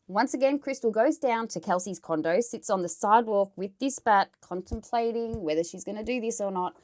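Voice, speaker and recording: A woman's voice: mid-range voice, darkish tone. An Australian woman telling a true crime story in a casual, chatty way, blunt and swearing as she editorialises.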